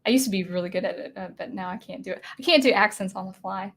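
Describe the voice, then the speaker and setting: Young woman streamer from Washington, casual and rambling, mid-pitched voice. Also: fast talker, vocal fry, a bit bright. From Washington state. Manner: rambling, chatty, full of fillers and restarts. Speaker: livestream host. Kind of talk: casual livestream chat.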